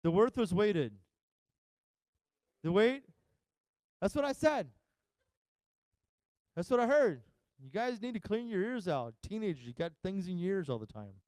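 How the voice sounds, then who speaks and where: A pastor preaching a sermon, telling a funny family story and acting out the voices of everyone involved. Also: male voice, high voice, sing-song, normal speed, pauses often, darkish tone, no echo, clean studio sound. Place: church sanctuary.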